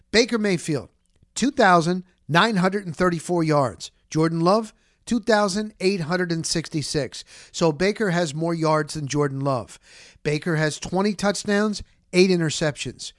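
A man's voice: high voice, no echo, studio quality. A man hosting a casual sports talk show, rambling and repeating words for emphasis. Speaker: sports podcast host.

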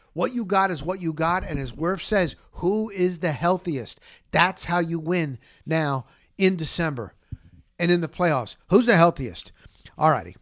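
A man's voice: on the high side, a bit bright, no echo, clean studio sound. A man hosting a casual sports talk show, rambling and repeating words for emphasis. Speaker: sports podcast host.

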